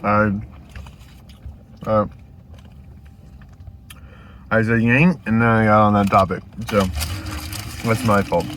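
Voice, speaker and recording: A man's voice: lowish voice, level tone, a little slow, pauses often, a bit bright, a little hiss or hum. A man talking casually while eating in a vlog, rambling and restarting his sentences as he goes. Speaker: vlogger.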